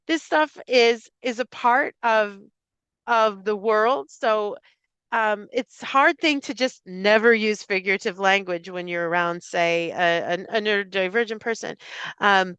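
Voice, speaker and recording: Clear-voiced Irish woman giving a talk. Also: medium pitch, unhurried, a bit bright, no room sound, muffled recording. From Ireland. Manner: clear, explanatory, with frequent fillers and restarts; acts out example phrases in a lifted voice. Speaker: speech and language therapist. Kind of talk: live talk to parents and educators.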